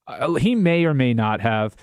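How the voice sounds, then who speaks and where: A man giving blunt, opinionated sports takes at a mid pitch, with the odd casual curse. He is recorded in a dry, close studio. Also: animated, moderate pace, a little mellow, clear, resonant tone, dry recording. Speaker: sports talk show co-host. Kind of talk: casual sports talk chat. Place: radio studio.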